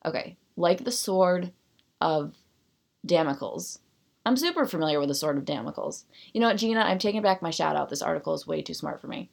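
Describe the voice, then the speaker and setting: Low, gravelly-voiced woman podcaster. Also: expressive, brisk. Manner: self-deprecating, rambling asides between read passages. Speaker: podcast host. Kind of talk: solo podcast chat, reading an article aloud.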